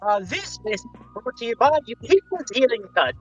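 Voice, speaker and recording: Over an online voice call, an American podcast guest chats casually and rambles, full of ums and restarts. His very high voice is very animated at a moderate pace, with music in the background and dull, lo-fi call audio.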